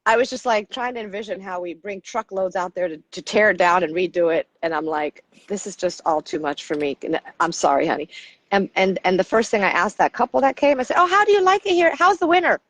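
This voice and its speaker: A middle-aged American woman, a coach appearing as a podcast guest, tells stories in a casual interview and animatedly acts out the people she quotes. Her voice sits on the low side and moves fairly quickly, with a dry recording.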